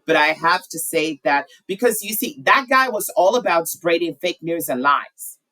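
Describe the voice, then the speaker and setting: A man's voice: on the high side, lively intonation, normal speed, pushed and bright, rough recording. A man teaching an English class, asking students questions and chatting frankly about his own views. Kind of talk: conversational class discussion.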